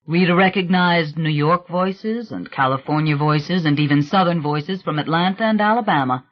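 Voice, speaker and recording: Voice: mid-range voice, lo-fi sound. An audiobook narrator reading a novel aloud in a conversational storytelling manner. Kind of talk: scripted narration.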